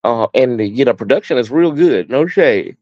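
A man's voice: mid-range voice, expressive, moderate pace, a little mellow, dry recording, muffled recording. A man with an American accent hosting a casual live stream, chatting sassily with his viewers and calling them honey and baby. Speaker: host.

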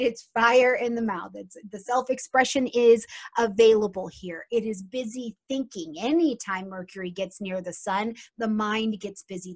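A woman giving a lively astrology reading, talking straight to her viewers and often asking them questions. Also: fairly high pitch. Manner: animated, addresses viewers as "you guys". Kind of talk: casual astrology talk to viewers.

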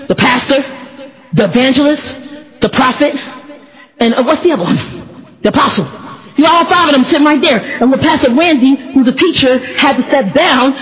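A man telling a funny church story in a casual, animated way, laughing often and putting on voices when he quotes people. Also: very high voice, long reverb tail, dull audio. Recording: hip hop music playing behind.

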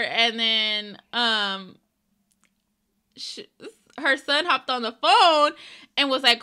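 A woman's voice: high voice, a little slow, bright, forceful tone, clean tone. A woman co-hosting a reaction video, chatting casually and rambling through stories with lots of fillers. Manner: rambling storyteller, full of fillers. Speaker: reaction channel co-host.

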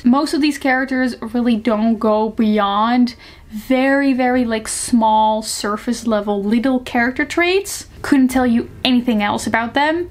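Chatty young woman reviewing books. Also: a little high. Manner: chatty, frank, lots of fillers like "like" and "you know". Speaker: book reviewer. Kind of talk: casual book review vlog.

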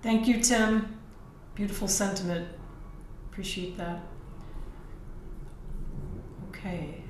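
A woman hosting a memorial gathering, making slow announcements between speakers. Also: medium pitch, a little mellow, a little hiss or hum. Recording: roomy and off-mic with faint ambience.

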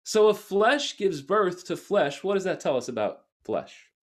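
A male pastor delivering a sermon with a repetitive, building cadence, rising to emphatic peaks and slowing down for weight. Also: sits high, very animated. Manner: earnest and reflective, slowing for weight.

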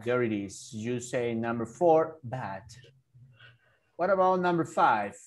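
Male teacher, native Spanish speaker, drilling sounds on a video call; unhurried, very animated pitch. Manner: patient, repeats and drills words. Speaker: English teacher. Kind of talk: online English lesson for a child.

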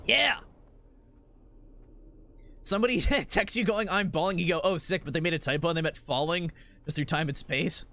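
A man's voice: on the high side, moderate pace, gravelly, pauses often, pushed and bright. A man in his twenties streaming a game, rambling through silly jokes and laughing constantly. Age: 20s. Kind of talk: casual gameplay commentary.

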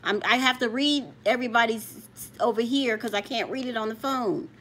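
A woman's voice: fairly high pitch, normal speed, fairly bright tone, a little hiss or hum. A woman hosting a casual live stream from home on a handheld phone. She chats straight to her viewers and keeps telling a child to stop touching things. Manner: chatty, talks straight to viewers while scolding a child off-camera. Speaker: coin channel host. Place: home room.

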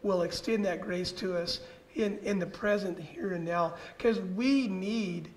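A man's voice: high-pitched, measured pace, darkish tone, rough recording. A man, a pastor, sharing church teaching in an earnest, conversational way and often saying "you know".

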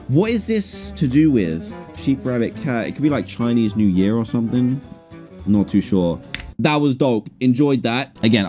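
A man giving excitable let's play commentary on a horror game, with sudden high yelps. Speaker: gaming streamer.

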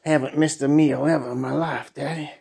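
A man's voice: a little high, steady tone, a little fast, creaky, darkish tone, breathy edge, voice pushed down, full character voice. A man voicing a whiny hungry dog. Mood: pleading.

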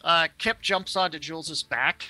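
Bright-voiced joking man at the table. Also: fairly high pitch, a little slow, faint music behind. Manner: joking, playful. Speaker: player. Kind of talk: casual tabletop banter.

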